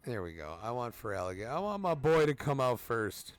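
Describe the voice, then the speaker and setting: A man's voice: medium pitch, big pitch swings, a little fast, faint music behind. A man in his thirties doing let's play commentary as a gaming streamer, cursing freely and ranting at the game. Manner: profane, ranting, trash-talks the game.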